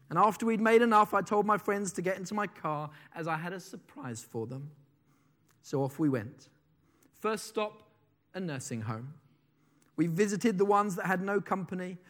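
A man preaches a sermon, swinging from loud declarations to soft, slowed phrases, and reads a testimony aloud with feeling. His voice sits high.

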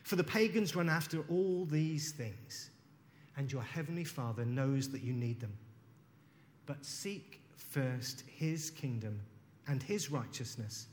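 A man's voice: mid-range voice, slow pace, darkish tone. A man preaching a sermon, reflective, reading scripture aloud and unpacking it. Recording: long hall reverb.

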